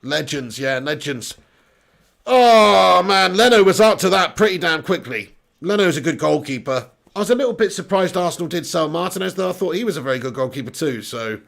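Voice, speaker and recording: A man hosting a live football watch-along, chatting casually, reading out viewer comments and breaking into excited play-by-play. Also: on the high side, gravelly.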